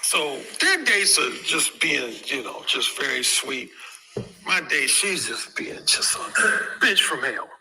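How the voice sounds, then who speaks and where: A man speaking from a stage, telling a crude personal story in a lively, swinging delivery. His voice sits a bit high and sounds very bright and sharp. Faint music plays somewhere behind him. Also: slow pace, low-quality recording. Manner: animated, crude, conversational storytelling.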